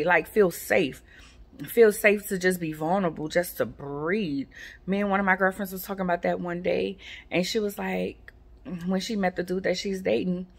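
A woman, chatting casually to her viewers in a rambling, relaxed way with lots of fillers. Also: lowish voice. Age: 40s. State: sleepy, yawning. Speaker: vlogger. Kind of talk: casual chat to camera.

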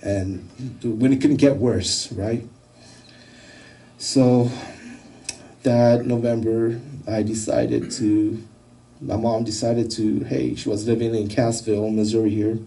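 A man giving a personal testimony, telling his story in a halting, emotional way with many restarts. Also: fairly low pitch, fairly even intonation, dark tone, recorded from a distance, low-quality recording. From United States. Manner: halting, repeats words, emotional.

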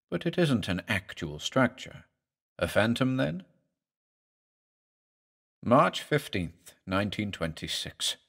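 A man's voice: lowish voice, fairly bright tone. A man narrating a horror story as a doctor's journal, reading in a grave, dramatic manner.

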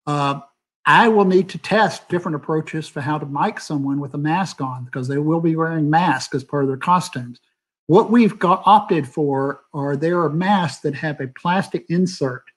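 Rambling man, higher voice, on a video call. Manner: rambling, candid, many fillers. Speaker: theater sound designer. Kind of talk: panel talk on a video call.

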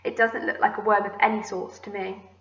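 A curious, polite young boy from a storybook, voiced by a woman reading aloud, his questions pitched high and bright. The recording sounds a little muffled and roomy. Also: level tone, a little fast, lightly acted. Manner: wondering, questioning.

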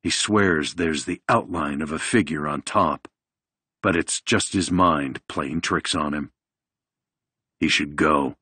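Deep, slow-reading male audiobook narrator. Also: pushed and bright, husky, no room sound.

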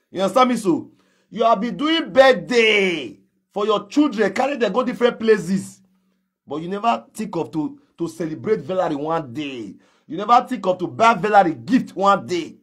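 A man's voice: sits high, very animated, moderate pace, husky. A man with a Nigerian Pidgin English accent, confronting someone in a heated gossip commentary. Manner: confrontational, calls out and challenges directly. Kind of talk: ranting social media commentary.

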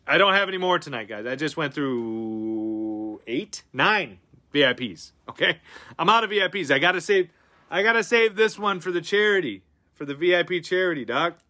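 A man hosting a live card-breaking stream, chatting casually and slangy, flipping between loud excited bursts and quiet breathy mutters. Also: on the high side, normal speed. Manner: slangy, says dude and bro a lot.

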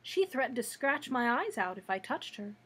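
A woman's voice: on the high side, big pitch swings, normal speed, a bit bright, breathy edge, exaggerated voice. Dutiful young palace maid, deferential, read by a woman. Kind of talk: storybook read-aloud.

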